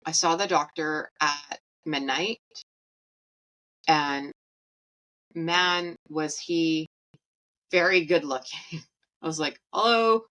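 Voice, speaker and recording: A woman's voice: sits low, steady tone, takes it slowly, pauses often, a bit bright, low-quality recording. A woman in her thirties hosting a podcast, telling a personal story in a blunt, profane, casual way and laughing at her own jokes. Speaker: podcast host.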